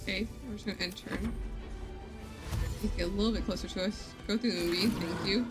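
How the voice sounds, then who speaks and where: A woman's voice: mid-range voice, steady tone, fairly quick, loud music behind the voice. A woman live-streaming a video game, chatting casually, thinking aloud and laughing easily as she plays.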